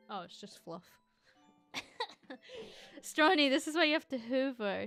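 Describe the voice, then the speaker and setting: A Scottish woman streamer chatting casually and reading viewer comments, excitable and teasing, swearing freely. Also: high voice, takes it slowly, long pauses, soft background music.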